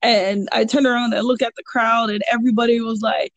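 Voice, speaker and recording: A woman with a higher voice and a gravelly, fry-heavy edge chats on a podcast. She coaches jiu-jitsu and tells her stories in an animated, rambling way. She fills her talk with "you know" and restarts her sentences. The sound is close and dry. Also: moderate pace, no room sound. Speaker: jiu-jitsu purple belt and kids' coach. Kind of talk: casual podcast chat, storytelling.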